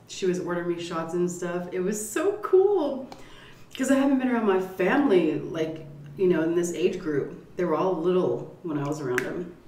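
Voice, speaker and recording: A middle-aged woman vlogging while she eats, telling a story in a lively, cursing style. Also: fairly low pitch. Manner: lively storyteller who curses and acts out quotes. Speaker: mukbang vlogger. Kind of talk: casual storytelling while eating. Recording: roomy, mic at a distance.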